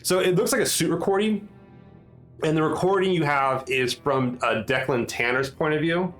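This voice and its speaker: A man's voice: a little high, a bit bright, rough recording. Male game master, casual tabletop narration, hesitant and full of fillers, faint music underneath. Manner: halting, full of ums and restarts.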